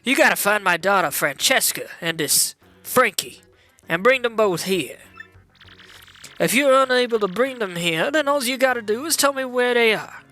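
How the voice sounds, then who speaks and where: A man voicing a gruff older male mob boss with a New York gangster accent, reading game dialogue aloud in a tough, clipped, bossy way. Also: very high voice, expressive, moderate pace, sharp tone, soft background music, pitched above the performer's own voice, exaggerated voice. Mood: scheming. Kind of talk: video game dialogue read-along.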